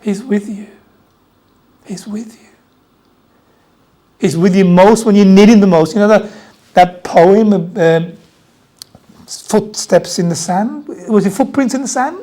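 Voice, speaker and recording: Slow, chatty Australian preacher. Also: medium pitch, mellow. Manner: conversational, repeats key phrases, jokes with the congregation. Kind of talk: Easter sermon. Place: church.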